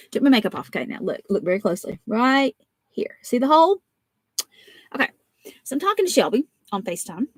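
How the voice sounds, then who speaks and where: A woman's voice: medium pitch, no room sound. Chatty woman, folksy rambling. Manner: rambling, folksy, animated storytelling. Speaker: papercraft vlogger. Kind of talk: casual chatty livestream.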